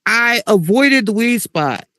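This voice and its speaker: A middle-aged woman hosting a podcast, telling a story in a blunt, animated, casual way with big swings in her voice. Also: fairly high pitch, slow pace, dry recording, clean studio sound. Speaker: podcast host.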